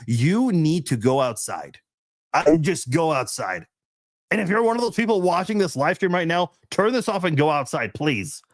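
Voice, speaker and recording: A man's voice: a little high, no echo. A man hosting a casual live-stream chat, reading viewers' comments in a rambling, laid-back way with frequent laughs, fillers and restarts.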